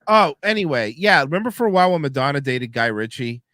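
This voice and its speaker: Male podcast host, lively swinging pitch, dry close mic, sarcastic and profane. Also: fast, no echo. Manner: animated, mocking, swears a lot. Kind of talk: casual chat.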